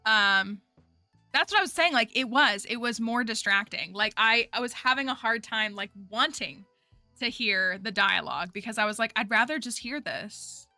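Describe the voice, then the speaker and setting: A woman's voice: on the high side, moderate pace, pushed and bright, dry recording. A woman streaming a game and chatting casually, rambling with lots of "like" fillers. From United States. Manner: rambling, heavy use of "like" fillers. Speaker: gaming streamer. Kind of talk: casual chat while playing a game. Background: game music.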